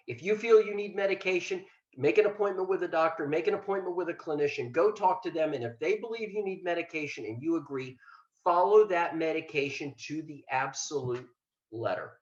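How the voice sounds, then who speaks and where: A man's voice: a little high, lively intonation, moderate pace. Earnest older man, roomy dull recording. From Ohio. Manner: earnest, plainspoken, folksy with self-deprecating asides. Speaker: mental health liaison, former state trooper. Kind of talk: webinar presentation.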